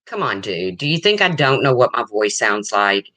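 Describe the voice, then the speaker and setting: An older woman hosting a casual livestream chat, blunt and rambling, with a low voice that callers mistake for a man's. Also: very animated, moderate pace, a bit bright, no echo. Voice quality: low, husky-sounding voice, often mistaken for a man's. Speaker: livestream host.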